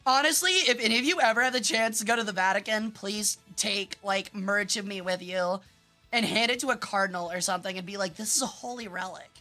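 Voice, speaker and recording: A young woman from Memphis chatting casually on a live stream while gaming, animated and quick to swear, laugh and shriek. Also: mid-range voice, soft background music. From Memphis, US South. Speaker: vtuber streamer.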